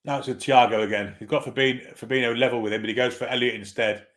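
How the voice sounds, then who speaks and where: Hosting a football watchalong stream live, this man swears freely, offers casual play-by-play, and reads viewer comments aloud. He speaks quickly in a mid-range voice with a steady, fairly bright tone.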